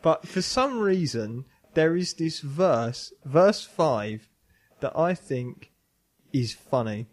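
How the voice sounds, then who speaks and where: A man's voice: a little high, very animated, slow pace. A man hosting a casual podcast, reading a Bible passage with lots of self-mocking laughter. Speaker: podcast host.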